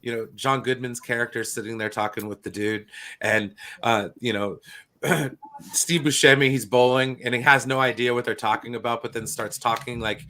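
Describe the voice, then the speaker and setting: A man's voice: mid-range voice, fairly even intonation, normal speed, sharp tone. A man co-hosting a casual online show, easygoing and agreeable, telling stories from movies. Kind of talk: casual chat.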